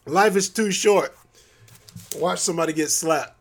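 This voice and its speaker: High-voiced joking man hosting a podcast. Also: measured pace, a little hiss or hum. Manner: loose, joking, laughs often. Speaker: podcast host. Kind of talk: casual solo podcast monologue.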